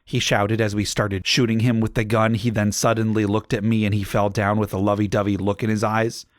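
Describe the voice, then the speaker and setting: A man narrating a comedic audiobook in a deadpan manner, with dry asides. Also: fairly low pitch, brisk, dry recording.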